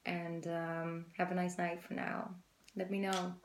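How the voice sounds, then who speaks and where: A woman's voice: fairly low pitch, little pitch movement, a little slow, reverberant. A woman giving a casual tarot reading to her viewers, chatty and rambling, with the odd swear word. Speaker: tarot reader.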